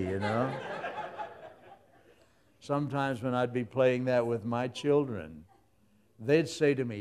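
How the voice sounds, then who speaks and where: A man's voice: medium pitch, animated, a little slow, darkish tone. A man preaching a sermon in a folksy, humorous way, full of everyday stories. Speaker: pastor.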